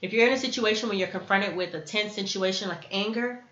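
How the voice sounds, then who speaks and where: A woman hosts a self-help video, teaching earnestly to the camera and acting out sample dialogues. Her medium-pitched voice is fast and fairly bright, and the lo-fi recording sounds dull and echoey.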